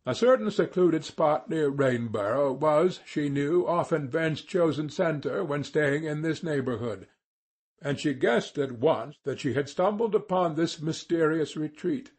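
A man narrating a classic novel aloud as an audiobook reader, in a measured way. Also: on the high side, husky. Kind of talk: scripted narration.

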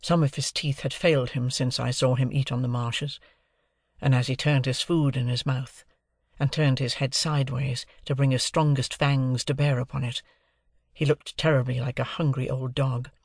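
A male narrator reads a classic novel aloud, phrase by phrase, in a measured, even way. His voice has a noticeable gravelly texture, and the recording is dry and close. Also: mid-range voice, dry recording. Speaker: audiobook narrator. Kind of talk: audiobook reading of a classic novel.

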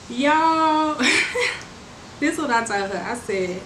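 A young adult woman telling a storytime to viewers, animated and exasperated, talking in slangy, casual speech. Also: on the high side, slow. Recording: roomy with steady background noise.

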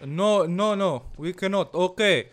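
A high-voiced man hosts a gaming channel, offering comedic let's-play commentary at a slightly slow pace in a somewhat bright voice. In the role of a fearless, bragging Balkan villager, he speaks broken English blended with Bosnian, swearing frequently and muttering nervously.

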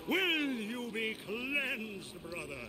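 A man's voice: very high voice, big pitch swings, very slow, crowd noise, heavily acted. An actor voicing a fervent male preacher in a video game, solemn and sermonizing as he baptizes newcomers. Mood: preaching.

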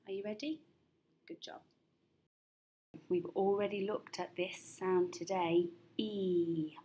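A woman teaching a recorded phonics lesson to young children, spelling out sounds slowly and patiently encouraging them. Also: medium pitch, steady tone, mellow, a little hiss or hum.

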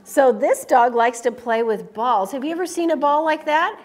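A woman reading a picture book aloud to young children, in an animated, sing-song, coaxing way. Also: sits high, moderate pace. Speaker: children's storyteller. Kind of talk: storytime read-aloud to children.

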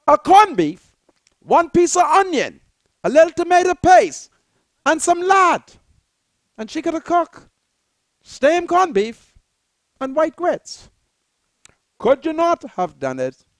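A man with a Bahamian accent hosting a show, giving impassioned, preachy commentary that repeats phrases and bursts into shouts. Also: extremely high pitch, no room sound, studio quality. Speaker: show host.

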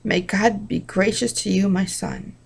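Woman voicing a tender grown man, gentle, long-lost brother, devotional reading. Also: medium pitch, fairly even intonation, a little slow, gravelly, slightly rough.

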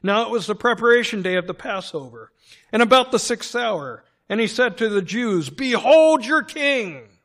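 A man's voice: high voice, expressive, normal speed, fairly bright tone. A male pastor reading a long scripture passage aloud in a sermon, dramatizing the quoted lines. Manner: dramatic reading, raising his voice for quoted cries.

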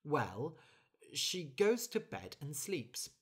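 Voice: medium pitch, very animated, very slow, husky, heavily acted. A storyteller voicing a tired, hard-working female bird who complains about doing too much work. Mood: explaining. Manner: indignant, complaining.

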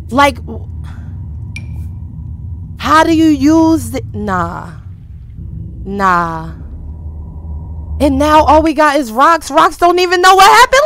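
Bright high-voiced excitable woman streamer. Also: slight background noise. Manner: excitable, exclaiming, talks to viewers with slang. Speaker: game streamer. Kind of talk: casual gameplay commentary.

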